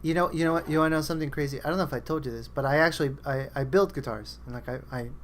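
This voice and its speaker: With slight background noise behind him, a man with a higher voice races through casual podcast chat. He's a rambling storyteller who plays out his friends' dialogue as he goes.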